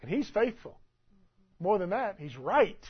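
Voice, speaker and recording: A man preaching a sermon as pastor, emphatic and swinging between loud and soft delivery. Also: high-pitched, very animated, unhurried, slightly rough, muffled recording.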